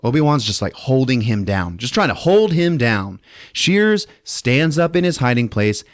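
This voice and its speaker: A man hosting a podcast who recaps a movie in casual, animated speech, swearing and acting out the scenes. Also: mid-range voice, normal speed, no echo, clean studio sound. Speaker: podcast host. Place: podcast studio.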